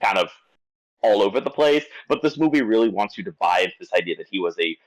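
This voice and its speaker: A lowish male voice speaks at a quick clip on a low-quality recording, tearing into a movie on a casual podcast. Animated and exasperated, he keeps tripping over his words and starting over.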